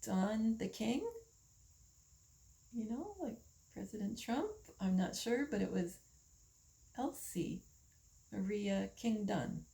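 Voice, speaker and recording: An older woman from the United States, talking slowly in a casual monologue, musing with pauses and fillers. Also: mid-range voice, lively intonation, gravelly, mellow, low-quality recording. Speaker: vlogger.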